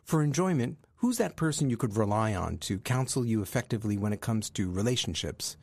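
A man's voice: lowish voice, animated, a little fast, creaky, darkish tone, husky, no room sound. A man hosting a podcast, telling a personal story in an earnest, reflective way. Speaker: podcast host. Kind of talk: storytelling monologue.

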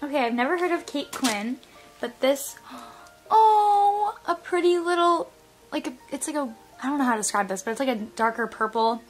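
Young woman squealing over cute stuff, high voice, gasps a lot, music in the back. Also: fast. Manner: gushing, gasping, breathy excitement. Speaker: vlogger unboxing a reborn doll. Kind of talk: casual unboxing chat. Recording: music playing underneath.

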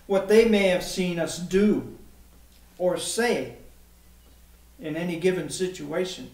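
Male preacher, high voice, slow deliberate sermon, echoey church room heard from a distance. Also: a little mellow. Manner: slow, emphatic delivery. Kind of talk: sermon with scripture reading.

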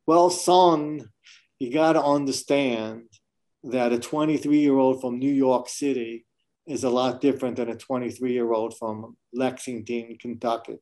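A man's voice: medium pitch, fairly even intonation, measured pace, darkish tone, lightly acted. A man putting on a stern drawling Southern interviewer. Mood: lecturing. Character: older Southern male residency interviewer, stern and lecturing.

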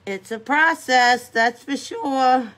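Middle-aged lady doing makeup on a stream, kinda high voice, slow and giggly, chatting to viewers. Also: fairly bright tone. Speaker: makeup vlogger. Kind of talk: casual live-stream chat while doing makeup.

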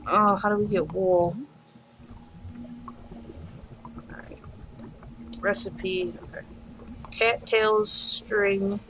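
A woman's voice: mid-range voice, steady tone, very slow, pauses often, a bit bright, a little hiss or hum, rough recording. A woman giving casual, chatty commentary while playing a game at home, swearing lightly and talking to the animals. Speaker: let's play host. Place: home room.

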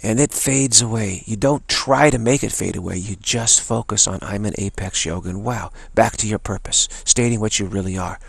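Low gravelly guy teaching meditation, earnest, keeps repeating himself, kinda husky. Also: moderate pace, hardly any pauses, no echo. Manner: earnest, repetitive, chants mantra softly. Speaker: spiritual teacher. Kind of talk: spoken teaching talk.

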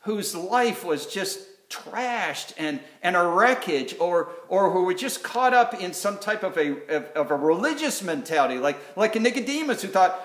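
A man preaches in an earnest, searching way, often stopping to restart a thought. His voice sits a bit high for a man. The sound rings around a roomy church hall. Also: sing-song, fairly bright tone. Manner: earnest, halting with many fillers and restarts. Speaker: pastor. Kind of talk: sermon. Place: church sanctuary.

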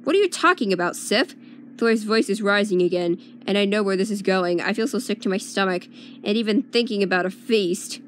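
A woman reading a first-person story aloud in an expressive, emotional way. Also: mid-range voice, brisk, a little hiss or hum. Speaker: fan fiction reader.

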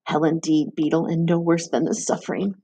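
A woman's voice: low-pitched, level tone, brisk, dark tone, slight background noise. A woman voicing a proud woman worn out by a hard labor, in a storybook reading. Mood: weary, despairing.

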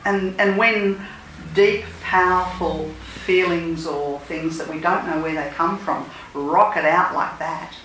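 Low-voiced woman, far-off and echoey. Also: steady tone, slow, hardly any pauses, a bit bright. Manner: earnest, emphatic, leads chants. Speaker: spiritual healer and teacher. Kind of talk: casual talk and call-and-response mantra chanting. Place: lodge meeting room. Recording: echoey room, speaker far from mic, noisy.

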